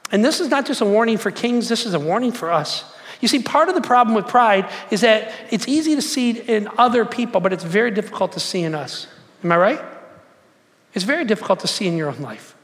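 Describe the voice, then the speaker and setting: A man's voice: high voice, lively intonation, brisk, a bit bright, big-room sound. A man in his forties preaching a sermon, casual and conversational, telling stories and asking the crowd questions. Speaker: pastor.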